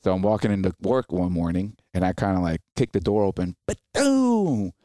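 Deep-voiced man telling service stories. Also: quick pace, no room sound, studio quality. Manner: animated, acts out quoted people in raised voices. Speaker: podcast guest, Marine veteran. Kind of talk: casual interview storytelling.

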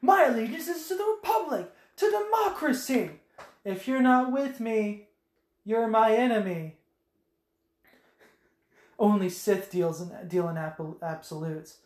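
An earnest, wounded Jedi knight, as a woman puts him on, dragging out each movie line slowly and dramatically. The voice is pitched a little above her own and rings in an echoey room. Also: darkish tone, lightly acted. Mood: stern.

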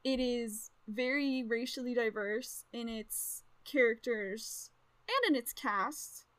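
An American woman with a high voice chats on her podcast. She gets excited, rambles through asides and laughs loudly. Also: slow. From United States. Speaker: podcast co-host. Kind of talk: casual podcast chat.

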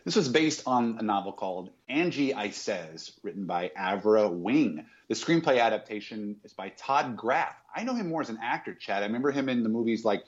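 A man's voice: fairly low pitch, animated, moderate pace, hardly any pauses, muffled recording, faint music behind. A man hosting a casual movie podcast. He talks chattily and stumbles over his words often. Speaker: podcast host.

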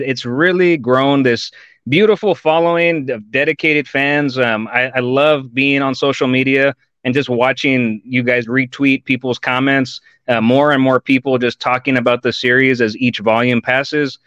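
Excited guy hosting a comics stream, says dude and y'all a lot, dry mic. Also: mid-range voice, moderate pace, clear, resonant tone, dry recording, highs cut off. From Texas. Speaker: podcast host. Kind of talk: live-stream interview.

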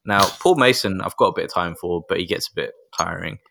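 Dry-humoured deep-voiced man. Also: brisk, vocal fry, pushed and bright, no echo. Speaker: podcast co-host. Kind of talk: casual podcast chat.

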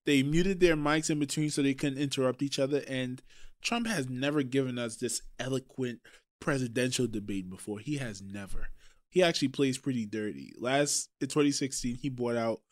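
A man from Trinidad co-hosting a casual podcast, talking in an animated way with swearing and quick asides. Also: mid-range voice. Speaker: podcast co-host.

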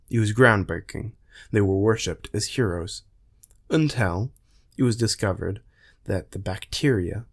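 A man narrating a science fiction story in a measured, plain way. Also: on the low side. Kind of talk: storytelling reading.

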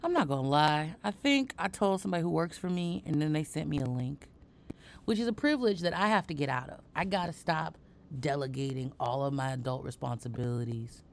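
A woman's voice: low voice, expressive, fairly quick, creaky. A woman hosting a podcast in casual chat, playful and teasing, talking with lots of energy. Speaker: podcast host.

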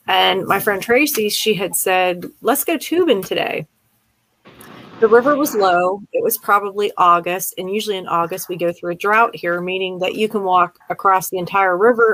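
A woman's voice: on the low side, fairly bright tone, no room sound, rough recording. Older woman, casual storyteller, lots of ums and restarts, chatty. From Pennsylvania. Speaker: conversation partner. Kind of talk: casual chat.

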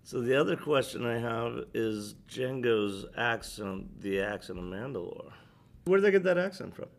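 Gravelly-voiced American man, rambling chat. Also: mid-range voice, expressive, normal speed. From United States. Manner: rambling, tangent-prone, filler-heavy. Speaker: podcast co-host. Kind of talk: casual chat.

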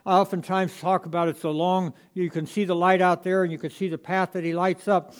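An older man preaches a sermon from the pulpit. His voice sits slightly higher than typical for a man. He swings between loud, emphatic declarations and soft, hushed passages. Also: flat delivery, brisk. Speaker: pastor.

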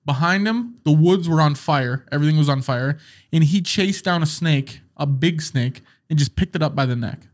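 A man's voice: a little high, moderate pace. A man hosting a podcast, in casual chat, rambling and joking as he tells stories. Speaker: podcast host.

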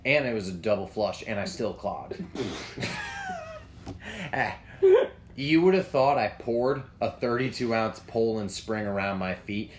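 Animated profane man telling a story. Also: moderate pace, a little hiss or hum. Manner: animated, profane, acts out voices in a high yelp. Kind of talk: casual storytelling.

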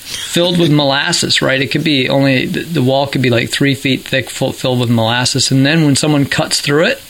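A man's voice: mid-range voice, steady tone, normal speed, a bit bright, a little hiss or hum, low-quality recording. A man co-hosting a podcast in casual chat, chatty and laughing at his own stories. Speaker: podcast co-host.

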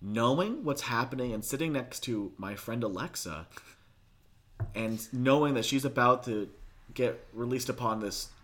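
A man's voice: lively intonation, unhurried, a bit bright. A man co-hosting a casual chat, teasing and playful as he asks questions. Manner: teasing, playful questioner with wide swings in pitch.

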